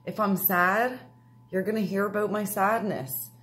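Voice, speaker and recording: A woman's voice: mid-range voice, steady tone, measured pace, fairly bright tone. A woman giving an earnest, confessional personal talk about feeling your feelings. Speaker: speaker.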